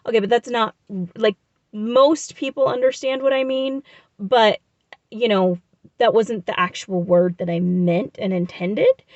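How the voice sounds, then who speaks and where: A woman's voice: medium pitch, no echo, lo-fi sound. A young adult woman vlogger telling a personal story in a casual, rambling, self-reflective way with many fillers.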